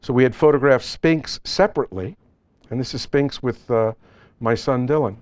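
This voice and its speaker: A middle-aged or older photographer telling animated, joking stories at a live seminar with slides. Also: male voice, medium pitch, normal speed, dry recording. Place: seminar event space.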